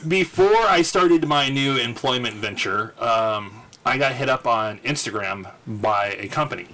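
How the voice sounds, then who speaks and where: A man's voice: medium pitch, expressive, measured pace, pushed and bright. A man hosting a podcast in casual chat, introducing segments and laughing easily. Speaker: podcast host.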